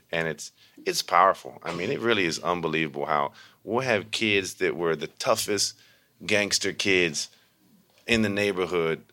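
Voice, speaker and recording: A man who teaches meditation, telling stories in a casual interview and acting out the voices of people he quotes. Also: low-pitched. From Baltimore. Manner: animated, acts out voices in quotes.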